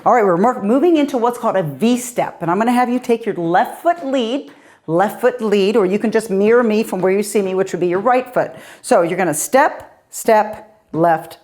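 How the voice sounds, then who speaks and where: A woman's voice: medium pitch, lively intonation, moderate pace, darkish tone. A middle-aged woman coaching a cardio workout with an upbeat, encouraging voice. She sounds a little out of breath as she keeps moving and cheers the listener on. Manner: upbeat, encouraging, counting down reps. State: slightly out of breath. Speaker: fitness coach. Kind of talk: guided workout instruction.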